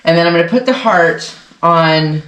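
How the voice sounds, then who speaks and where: A woman's voice: lowish voice, lively intonation, normal speed, fairly bright tone. A woman hosting a casual sewing vlog, chatting to viewers in a rambling way, often correcting herself, and sounding congested. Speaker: sewing channel host. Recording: echoey room.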